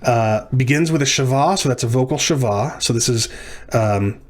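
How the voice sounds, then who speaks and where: Man thinking aloud through a lesson. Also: mid-range voice. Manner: thinking aloud, pausing with ums and self-corrections. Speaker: teacher. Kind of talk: recorded lecture walking through exercises.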